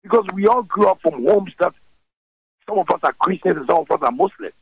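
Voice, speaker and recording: Animated gravelly Ghanaian man. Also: sits high, a little fast, dry recording, dull audio. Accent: Ghanaian English. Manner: animated and forceful, switching languages mid-sentence. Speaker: interview guest, musician. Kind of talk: radio interview.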